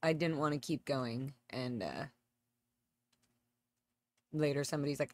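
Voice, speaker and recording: A woman's voice: extremely low pitch, measured pace, pauses often. A woman hosting a casual livestream from home on a close microphone, chatting and greeting viewers by name. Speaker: livestream host. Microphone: close desk microphone.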